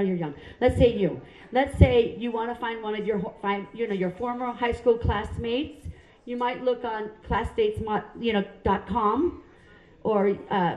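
A middle-aged woman from Hawaii, doing stand-up comedy on a club stage, punchy and self-mocking as she chats with the crowd. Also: a little high. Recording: roomy club sound.

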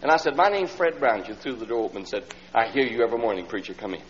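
A man preaching a folksy storytelling sermon and acting out the people in his story, sometimes rising to loud, pleading lines. The old LP recording is dull and lo-fi with a faint hum. His voice trails off into the long reverb of a large hall. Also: medium pitch, very fast.

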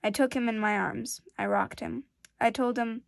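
A woman reading a classic children's novel aloud in a gentle, measured storytelling manner. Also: fairly high pitch, fairly even intonation, vocal fry, no room sound. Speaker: storybook reader.

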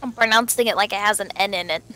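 A woman's voice: medium pitch, fast talker, fairly bright tone. A woman chatting casually and teasing her partner while they play an online game together at home. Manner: playful, teasing banter. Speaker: gamer co-playing online game. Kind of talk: casual gameplay chat.

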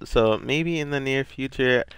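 A man's voice: mid-range voice, measured pace, fairly bright tone, smooth. A young man giving casual, rambling gameplay commentary, self-deprecating and given to sudden frustrated outbursts. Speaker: gaming YouTuber.

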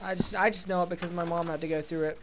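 A woman's voice: lowish voice, fairly even intonation, very fast, noisy background. A woman playing a horror game and commenting as she goes, reacting with fright and sympathy. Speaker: let's play gamer.

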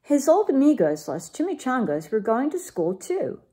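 A woman reading a children's storybook aloud to girls in an expressive, storytelling manner. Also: high voice, normal speed, husky. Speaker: children's program leader.

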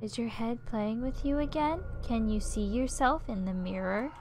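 Sinister, coaxing dark game voice, soft and quiet, read by a woman gamer. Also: a little high, normal speed, a little hiss or hum, close to an everyday voice. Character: menacing whispering dark girl voice.

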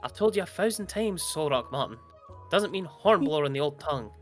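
A man's voice: fairly high pitch, lively intonation, a little fast, soft background music, lightly acted. A man doing a blustering Scottish chief.

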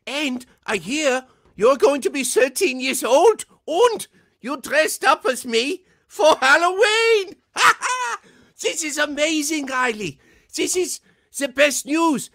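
The Medic, a gleeful, overexcited male army doctor, as a man puts him on, booms in a high, sing-song voice. His lines bounce wildly up and down, bursting with giddy cheer. It all sounds close and dry. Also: bright, forceful tone, dry recording, full character voice. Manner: booming, sing-song, gushing.

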